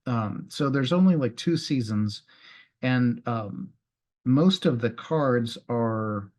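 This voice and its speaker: A man's voice: medium pitch, lively intonation, slow pace, a little mellow. A man chatting in a casual interview, hesitant and full of fillers.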